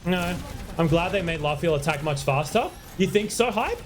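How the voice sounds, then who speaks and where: Excitable young man streaming with game music. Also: high voice, moderate pace. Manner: excitable, yelps and apologizes, chats to viewers. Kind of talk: live gameplay commentary.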